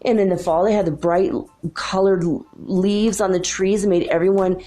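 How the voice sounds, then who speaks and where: A woman's voice: medium pitch, fairly even intonation, normal speed, warm tone, faint music behind. A woman from Minnesota hosting a casual spiritual monologue, rambling and chatty with frequent laughs. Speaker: spiritual channel host.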